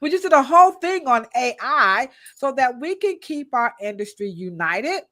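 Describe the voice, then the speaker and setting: A woman hosting a live-stream podcast in a casual, lively way, calling out viewers in the chat by name. Her voice sits a little high and sounds bright and forceful. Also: moderate pace. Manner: casual, slangy American speech. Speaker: podcast co-host.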